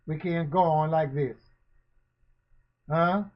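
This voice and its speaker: A man giving spoken commentary, asking questions again and again and preaching in a slow, emphatic way. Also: fairly high pitch, fairly even intonation. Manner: rhetorical, repetitive questioning. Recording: dull lo-fi recording.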